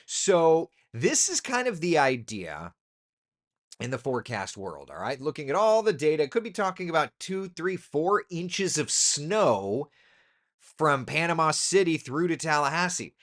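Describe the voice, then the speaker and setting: Lively chatty man presenting the weather. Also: fairly high pitch, unhurried. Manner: relaxed, chatty, thinking aloud with ums and asides. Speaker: TV meteorologist. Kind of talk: casual weather chat.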